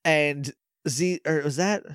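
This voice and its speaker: In studio-quality audio with no room sound, a man with a fairly high, fairly bright voice speaks slowly as he co-hosts a podcast. He casually recaps an episode of a show, acting out characters' lines with playful voices.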